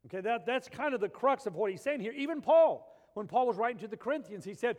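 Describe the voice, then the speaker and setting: A man preaching a sermon, animated, swinging between loud emphasis and quiet, intense passages. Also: extremely high pitch, fast talker, big-room sound. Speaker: pastor.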